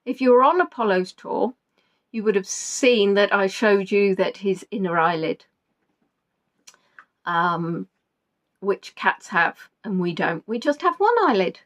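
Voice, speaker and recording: A woman's voice: mid-range voice, lively intonation, unhurried, long pauses. A woman hosting a live quiz, chatting casually and rambling with self-deprecating asides. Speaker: quiz host. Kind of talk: casual live-stream chat.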